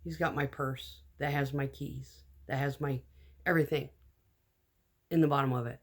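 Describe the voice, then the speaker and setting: A woman telling a personal story in a casual storytime vlog, animated and blunt, acting out the lines of the people in it. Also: a bass voice, normal speed. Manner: animated, acts out quoted dialogue.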